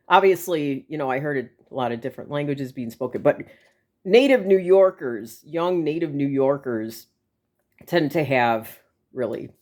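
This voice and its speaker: A woman's voice: extremely low pitch, darkish tone. Chatty woman with a Milwaukee accent. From Milwaukee, Wisconsin. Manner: chatty and enthusiastic, with laughs and fillers. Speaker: vlogger. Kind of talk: casual chat to camera.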